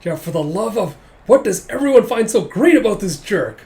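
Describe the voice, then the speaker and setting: A man voicing a jealous, scheming male hospital doctor, loud and indignant. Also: fairly high pitch, lively intonation, fairly quick, close to an everyday voice. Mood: fed up.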